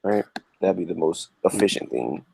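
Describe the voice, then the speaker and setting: A man's voice: low voice, expressive, moderate pace, creaky, over a noisy crowd. Joking slangy man hosting a stream. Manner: laid-back, joking, slangy. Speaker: livestream host. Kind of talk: casual livestream chat.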